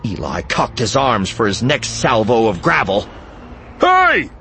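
A man reading an audiobook in scripted narration, dramatic and expressive, moving between hushed and urgent delivery. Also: fairly low pitch, moderate pace, creaky, soft background music.

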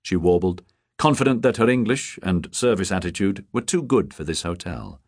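A man narrating a novel as an audiobook, measured and expressive. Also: low voice, husky, no echo, studio quality. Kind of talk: scripted narration.

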